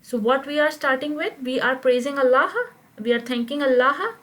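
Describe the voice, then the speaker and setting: A woman's voice: sits high, moderate pace, a bit bright, poor audio. A woman teaching Quranic Arabic grammar in an online class, explaining step by step and often checking whether her students follow. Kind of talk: live online grammar lesson.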